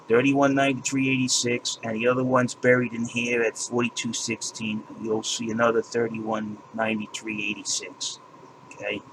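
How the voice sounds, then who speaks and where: A man who runs a crypto channel guides viewers through his screen in an exasperated, indignant rant, cursing and repeating himself. His voice is mid-range, and there's background noise.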